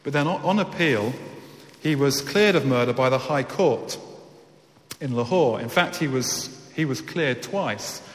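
Earnest preacher in echoey hall. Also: male voice, mid-range voice, expressive, unhurried. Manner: earnest, emphatic with repeated words. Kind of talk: sermon.

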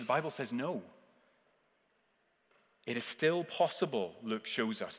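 A man preaching a sermon earnestly, swinging between forceful emphasis and hushed, intense passages. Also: mid-range voice. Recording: long reverb of a large hall.

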